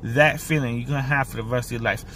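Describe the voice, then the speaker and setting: A male vlogger talks straight to the camera, earnest, emotional and repetitive, his mid-range voice steady, fast and fairly bright. It's recorded on the camera's own mic, leaving a little hiss or hum.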